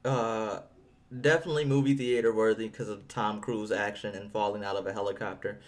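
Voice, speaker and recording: A man's voice: lowish voice, steady tone, a little fast. A man co-hosting a casual movie review chat, blunt and opinionated, stumbling over restarts.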